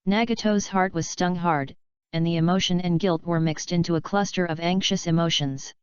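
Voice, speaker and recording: Low, very clear woman narrating an audiobook. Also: fairly even intonation, moderate pace, no room sound. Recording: slightly dull, dry lo-fi recording.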